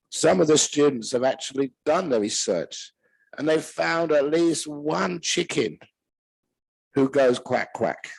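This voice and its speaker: An older man with a British accent, a monk giving a relaxed Dharma talk full of humorous stories, chuckling at his own jokes. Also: a little high, vocal fry, husky, dry recording, poor audio.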